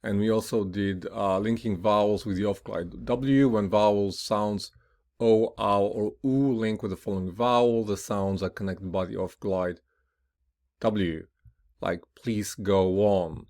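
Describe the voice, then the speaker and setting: A man with a fairly low, gravelly voice teaches a pronunciation lesson at a very unhurried pace. He explains each rule step by step and often checks in with "right?". He says example word pairs aloud and leans hard on the stressed syllables. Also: fairly even intonation, darkish tone. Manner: slow and deliberate, with repeated checks of "right?".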